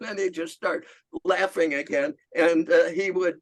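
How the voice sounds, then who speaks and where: An older man on a video call, telling a lively story about his childhood, laughing often and acting out the voices of the people in it. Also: on the high side, unhurried. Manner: animated anecdote, laughing often, acts out voices. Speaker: club member giving a talk. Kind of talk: storytelling talk.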